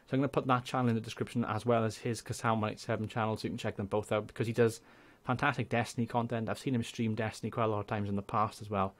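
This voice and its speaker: Young welsh guy rambling on about other youtubers, bit low voiced, laughs a lot. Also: little pitch movement, racing, hardly any pauses. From Wales. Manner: chatty, rambling, laughs often. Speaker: YouTube gaming creator. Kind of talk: casual channel shout-out monologue.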